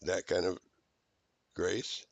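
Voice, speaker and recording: Very deep gravelly man ranting. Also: steady tone, slow, no room sound. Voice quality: profane, accusatory, rambling. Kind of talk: rambling recorded rant.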